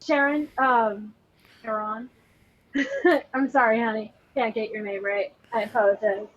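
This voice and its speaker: A woman's voice: on the high side, unhurried, slight background noise. A woman playing in a tabletop game, talking in a chatty, apologetic way. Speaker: player. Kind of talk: casual tabletop play. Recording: dull, faulty microphone.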